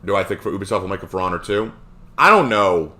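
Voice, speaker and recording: A low-voiced man hosting a live reaction stream, answering chat questions off the cuff. His pitch swings widely, from mumbled asides to excited outbursts. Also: quick pace. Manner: animated, rambling, with frequent fillers.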